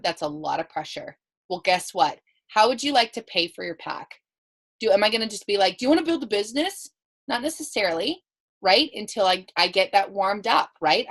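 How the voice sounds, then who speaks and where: A woman talks her team through a training call. She tells everyday stories and acts out her own lines and the other person's along the way. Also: mid-range voice. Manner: animated storytelling, quoting herself and others. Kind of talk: coaching talk with acted-out dialogue. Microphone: call recording.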